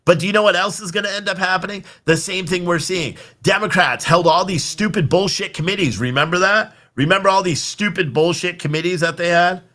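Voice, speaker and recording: A man's voice: high voice, a little fast, few pauses, sharp tone. A young man hosting a political livestream, ranting in an angry, exasperated, profane way. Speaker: livestream host.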